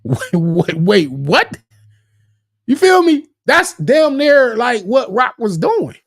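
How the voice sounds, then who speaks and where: A man giving casual livestream commentary on battle rap, animated and profane, often restarting his words and acting out quoted arguments. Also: extremely high pitch, slow, dry recording, studio quality. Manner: acts out quoted arguments in a raised voice.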